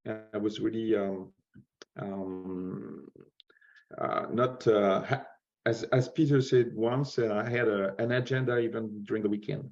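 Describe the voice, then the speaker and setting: A man from France with a French accent, speaking English as a second language, halting and searching for words as a guest speaker. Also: fairly low pitch, fairly even intonation, creaky, darkish tone. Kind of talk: conference talk. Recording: dull lo-fi sound.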